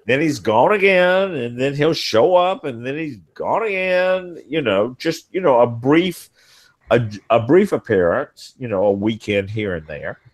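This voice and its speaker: Slow rambling man with a lively voice. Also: medium pitch. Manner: rambling, halting, many fillers. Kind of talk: casual group chat.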